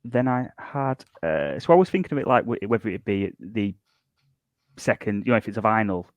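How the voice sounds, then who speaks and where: A man on a podcast, talking casually and hesitantly with many pauses and fillers. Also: lowish voice, expressive, no echo. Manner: hesitant, many uhs and ums while listing songs. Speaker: podcast guest. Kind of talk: casual chat.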